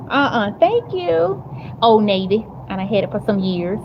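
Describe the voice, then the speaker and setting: A woman's voice: medium pitch, sing-song, unhurried. A woman hosting a casual livestream, chatting with viewers and laughing often as she walks to her car, talking into a handheld phone. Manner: chatty, talks to chat readers, frequent laughs and fillers. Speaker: livestream host. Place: outdoors, walking to her car. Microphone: phone held in hand. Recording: dull phone audio with outdoor noise.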